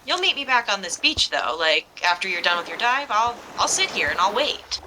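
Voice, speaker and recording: A woman's voice: medium pitch, very animated, fairly quick, noisy background, lightly acted. A woman doing a stammering nervous teen boy. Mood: anxious. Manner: hesitant, stammering. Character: nervous, anxious young man in his late teens.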